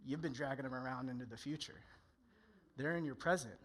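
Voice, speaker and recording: A man's voice: medium pitch, fairly quick. A male pastor preaching a candid, conversational sermon in church, often acting out people's inner voices.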